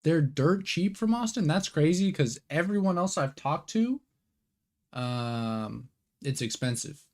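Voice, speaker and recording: A man's voice: fairly high pitch, lively intonation, takes it slowly, a little mellow. A young man hosting a live card game watch party, chatting casually in slang and answering viewer questions aloud. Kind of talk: casual live-stream chat.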